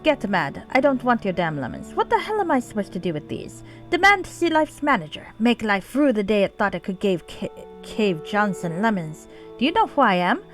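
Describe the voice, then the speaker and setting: A woman reading a blustering male tycoon's lemon rant aloud in a deliberately bad, inconsistent accent. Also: mid-range voice, sing-song, faint music behind, close to an everyday voice.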